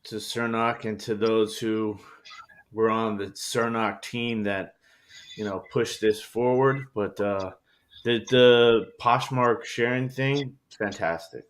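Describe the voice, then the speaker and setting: A man's voice: lowish voice, fairly even intonation, slow. A man speaking earnestly in casual chat on a panel of resellers.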